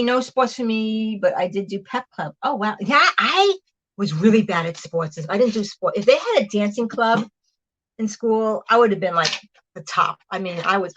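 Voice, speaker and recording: A woman's voice: mid-range voice, a bit bright, dull audio. Giggly woman chatting while cooking. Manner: chatty and giggly, talking with food in her mouth. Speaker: vlog host reading live chat. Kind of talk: casual livestream chat while cooking.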